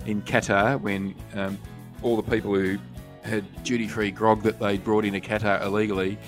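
A man co-hosting a podcast, chatting in a jokey, relaxed way. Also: lowish voice, normal speed, over music. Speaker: podcast co-host. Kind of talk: casual chat.

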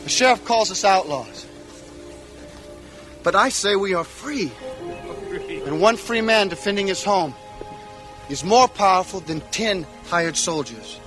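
An actor playing a heroic outlaw leader giving a rousing speech. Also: male voice, high voice, animated, measured pace, pauses often, fairly bright tone, faint music behind, low-quality recording. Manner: rousing speech, rising in force. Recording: film clip with score behind.

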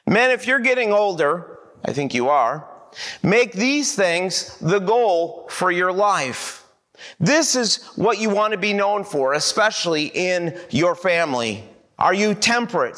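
A male pastor preaching a sermon to a congregation, telling a story with animated acted-out dialogue. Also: high-pitched.

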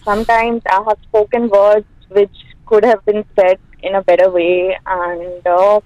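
A woman's voice: mid-range voice, flat delivery, a little slow, darkish tone, dry recording, highs cut off. A woman speaking as a radio show guest, thoughtful and searching for words. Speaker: studio guest. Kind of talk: reflective chat.

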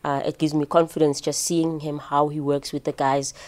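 A South African woman with a low, even voice that stays mellow and dark. She answers interview questions haltingly, often restarting her sentences, as a staff member of a football club.

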